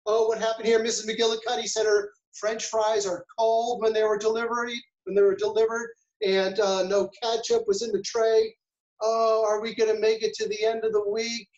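A man's voice: high voice, flat delivery, moderate pace, darkish tone, roomy sound, dull audio, pitched above the performer's own voice, natural voice. A man acting out a frantic, overworked male kitchen manager who keeps crying out about one mishap after another. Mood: frazzled. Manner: panicky exclamations, rattling off mishaps.

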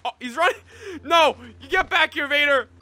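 A man commentating his gameplay, laughing often and breaking into excited high outbursts. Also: normal speed, faint music behind. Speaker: gaming YouTuber.

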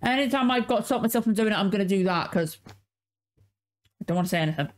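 A woman's voice: medium pitch, lively intonation, fast. A woman hosting a reaction video, talking casually and effusively with lots of swearing. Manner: effusive, swears a lot, emotional.

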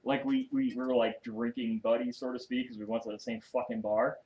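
A man's voice: mid-range voice, level tone, brisk, a little mellow, low-quality recording. A man guesting on a podcast, telling a long story in a casual, rambling way with constant cursing and side remarks. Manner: heavy cursing, rambling asides.

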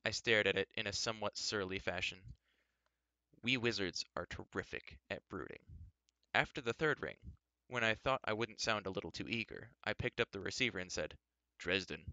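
A man reading a novel aloud, narrating in the first person with a dry, wry delivery. His voice sits low but has a bright, forceful edge, and it is recorded close with no room sound. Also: moderate pace, no echo, highs cut off. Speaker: reader.

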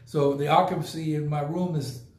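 A man's voice: fairly high pitch, steady tone, moderate pace, darkish tone, reverberant. A man hosting a casual podcast, talking emphatically and repeating points for effect. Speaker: podcast host. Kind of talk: casual live podcast talk.

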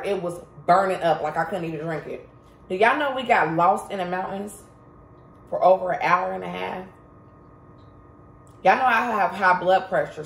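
A woman telling a story to her viewers in a casual vlog, chatty and emphatic, talking straight to the audience. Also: on the low side. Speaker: vlogger. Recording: roomy echo.

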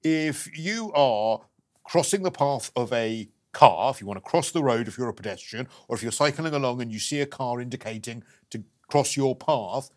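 A man's voice: medium pitch, animated, moderate pace. A man on a talk panel, sardonic and dry in his jokes. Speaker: panel guest. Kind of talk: casual panel chat.

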